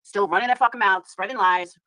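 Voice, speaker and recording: Woman guest, quick and frustrated, bright voice, dry sound. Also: mid-range voice, dry recording. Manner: frustrated venting. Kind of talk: casual livestream chat.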